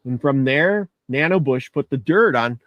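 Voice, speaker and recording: A man tells a legend in a casual, folksy way and often restarts his phrases. His voice sits at a middling pitch. The sound is dry and close. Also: animated, a little slow, a bit bright, no echo, dull audio. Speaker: storyteller. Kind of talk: casual storytelling.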